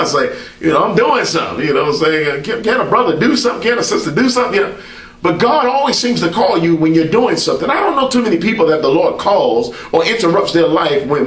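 Preacher, man, slightly high voice, casual call-and-response sermon, roomy echo. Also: a bit bright, far from the mic. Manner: colloquial, conversational preaching. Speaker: apostle preaching to camera. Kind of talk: sermon to camera. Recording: roomy echo, speaker set back from the mic.

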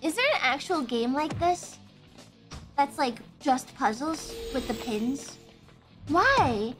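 Young woman streaming, high lively voice, giggly, swears a lot. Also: takes it slowly, over music. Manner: giggly, swears freely, animated. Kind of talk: casual reaction stream.

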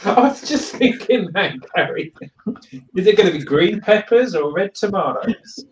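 A man's voice: sits high, expressive, measured pace, echoey room, distant mic, slight background noise, rough recording. A British man co-hosting a live writing stream, chatting casually in a wry, self-deprecating way. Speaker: regular co-host. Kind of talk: casual chat among writers.

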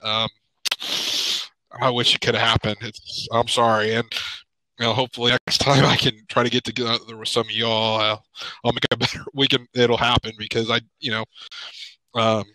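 Halting, choked-up man on a call. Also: medium pitch, little pitch movement, pushed and bright, no room sound, rough recording. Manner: halting, many fillers, choked up. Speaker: podcast panelist. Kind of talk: emotional casual chat. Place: home.

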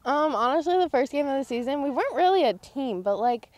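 A teenage girl who pitches for her high school softball team, talking excitedly in a post-game interview and filling her answers with "like" and "honestly". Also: fast talker, no echo. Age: teens.

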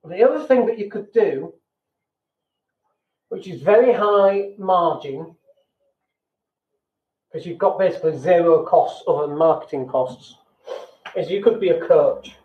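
A male podcast host with a British accent and fairly high voice talks business casually at normal speed with lively intonation. He's blunt, jokes at his own expense, and acts out quoted people, while the sound is tinny and phone-like with a noticeable room echo.

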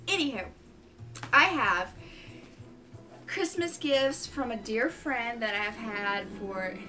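A woman's voice: on the high side, lively intonation, slow pace, pushed and bright, faint music behind. A woman chatting casually in a home vlog, gushing and exclaiming often. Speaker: vlogger.

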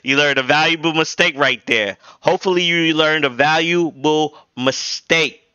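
Bright, crisp-voiced man reacting casually. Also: fairly high pitch, moderate pace, no echo, lo-fi sound. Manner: slangy, loose, keeps saying "you know what I'm saying". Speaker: reaction channel host.

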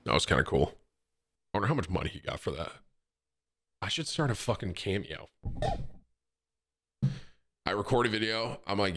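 A man's voice: lowish voice, lively intonation, a little fast, long pauses. A man in his thirties chatting casually and jokingly to his live-stream audience, dropping "bro" often. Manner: loud, joking, says bro a lot.

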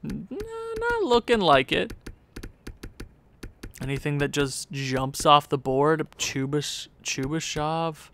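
Animated gamer with a wandering pitch. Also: male voice, slow pace, a little hiss or hum. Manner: animated, jumps into high squeaky voice when excited or pleading; talks to himself, muttering low. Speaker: gaming YouTuber. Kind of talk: casual gameplay commentary.

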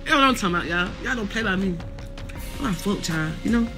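Woman, in pain, blunt and profane, laughing through it, live chat from a hospital room, middle pitch, faint music behind. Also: animated, fast. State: in pain, near tears. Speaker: livestreamer reading viewer comments. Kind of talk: casual live chat with viewers.

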